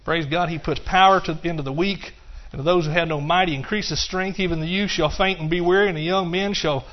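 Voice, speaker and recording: A middle-aged male preacher delivers a sermon in a high voice. He breaks into song now and then and calls out to his congregation. The sound is dull and muffled. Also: steady tone, a little fast, hardly any pauses.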